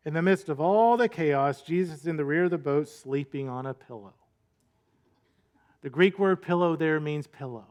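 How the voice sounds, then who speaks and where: A man's voice: on the high side, moderate pace, a little mellow. A male pastor giving a sermon in a conversational, storytelling way, full of rhetorical questions.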